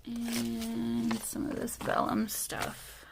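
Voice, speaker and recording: A woman talks in a slow, unhurried way while she works on a craft project, thinking aloud and often drifting off mid-thought. Her voice has a gravelly, creaky texture. A faint hiss sits under her words. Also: a little high, completely flat delivery. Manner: musing, unhurried, trails off and laughs often. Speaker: craft vlogger. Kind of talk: casual talk while crafting.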